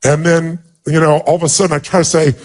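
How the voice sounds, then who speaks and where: A man's voice: a little high, flat delivery, quick pace. Earnest man telling a heartfelt story. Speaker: motivational speaker. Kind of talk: personal storytelling talk.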